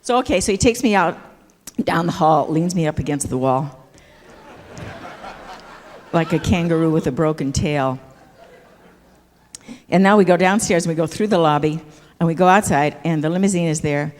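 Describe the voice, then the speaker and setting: A woman's voice: low voice, normal speed, long pauses, darkish tone. An older woman telling a comic anecdote on an auditorium stage, acting out the gestures as she goes and often asking "see?". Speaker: stage performer. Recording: echoey auditorium with long reverb.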